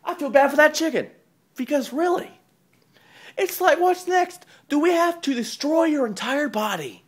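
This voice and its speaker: A man delivering a profane wrestling-style promo rant, taunting and mocking, swinging between loud jeers and low mutters. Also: expressive, moderate pace. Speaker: online wrestling promo host.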